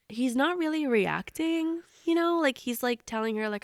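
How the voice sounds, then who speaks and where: A young woman co-hosting a casual book podcast, recapping scenes and acting out quotes in hushed voices, laughing often. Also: a little high, moderate pace, clean tone, no echo, clean studio sound. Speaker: podcast co-host.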